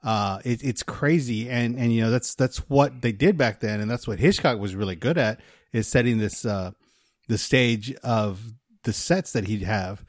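A man's voice: medium pitch, normal speed, dry recording, clean studio sound. A man co-hosting a casual film podcast, speaking in an easygoing, agreeable way with plenty of fillers. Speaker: podcast co-host. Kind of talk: casual chat about film.

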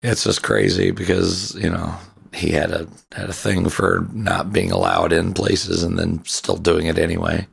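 A man's voice: low voice, little pitch movement, unhurried, gravelly, few pauses, breathy edge. A man co-hosting a film podcast in casual chat, laid-back and brief. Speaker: podcast co-host.

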